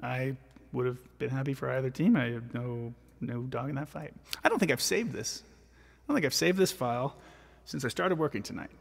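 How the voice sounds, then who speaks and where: A man's voice: medium pitch, a little fast, creaky, long reverb tail. A man, a vocal jazz arranger, chatting casually and self-deprecatingly with viewers while recording his own vocal parts.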